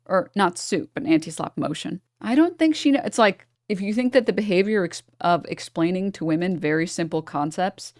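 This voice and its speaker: A woman's voice: lowish voice, animated, a little fast, few pauses, a little mellow, dry recording, studio quality. A woman streaming, talking to her chat in a sarcastic, exasperated reaction commentary.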